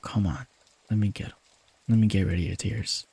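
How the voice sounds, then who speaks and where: A man in a whispered role-play as a caring boyfriend, talking softly and tenderly to comfort his partner. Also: fairly low pitch, fairly even intonation, normal speed, vocal fry, slightly rough. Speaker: ASMR creator.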